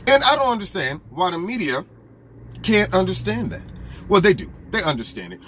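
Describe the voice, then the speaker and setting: A man giving opinionated political commentary in an animated, argumentative way, full of rhetorical questions. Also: high voice, normal speed, a little hiss or hum.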